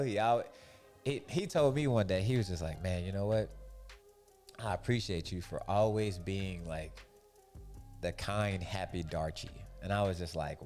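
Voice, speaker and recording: A young man with a fairly low voice talks casually about keeping your peace. He tells stories in a loose, animated way and slips into the voices of the people he quotes. Soft music plays faintly behind him. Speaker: podcast host. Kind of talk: casual faith-based monologue.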